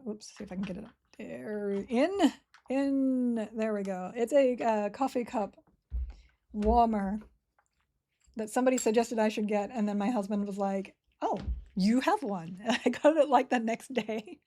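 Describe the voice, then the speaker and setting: A woman's voice: on the high side, measured pace, dark tone. A woman chatting casually and giggling as she streams a game and reads chat. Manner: chatty, giggly, self-mocking. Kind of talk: casual live-stream chat while playing.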